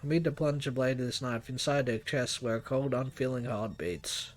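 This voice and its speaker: A man hosting a let's play, reading a visual novel's narration aloud in a quiet, low, unhurried way.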